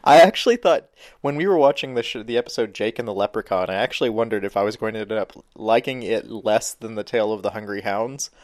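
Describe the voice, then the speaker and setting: A man's voice: fairly low pitch, quick pace. A man co-hosting a podcast, recapping an episode in casual chat with dry, detailed asides. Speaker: podcast co-host.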